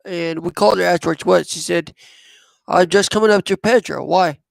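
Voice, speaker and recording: A man, telling a personal story in a rambling, halting way. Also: high-pitched, steady tone, gravelly, no room sound. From southwest Missouri. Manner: rambling, halting, with many fillers. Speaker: vlogger.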